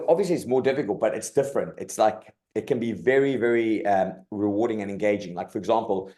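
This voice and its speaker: A middle-aged man from South Africa, a rugby coach telling stories in a casual interview, animated and colloquial, often saying "mate". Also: on the low side.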